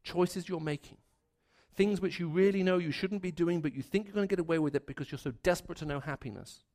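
An earnest preacher, his voice pitched a little high for a man, delivers a sermon at a quick pace. He stacks repeated phrases to drive each point home and gets lower and quieter when telling a story.

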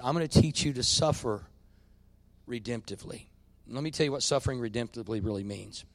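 A man preaching a sermon, dropping to quiet confiding and rising to loud, drawn-out peaks. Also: medium pitch, dry recording. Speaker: pastor.

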